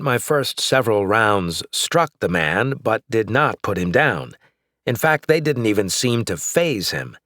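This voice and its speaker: A man narrating an action novel in first person, in a steady, measured way. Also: fairly low pitch, no echo, studio quality. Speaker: audiobook narrator.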